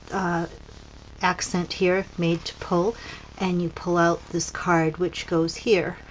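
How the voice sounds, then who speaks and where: A woman's voice: fairly low pitch, slight background noise, poor audio. A woman casually demonstrating papercraft cards as a seller, chatty and pointing things out with frequent ums.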